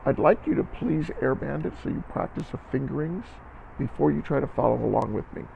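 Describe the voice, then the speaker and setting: A man's voice: medium pitch, expressive, a little fast, creaky, phone-quality sound, slight background noise. A man teaching a recorded band lesson to students, encouraging them and counting beats aloud.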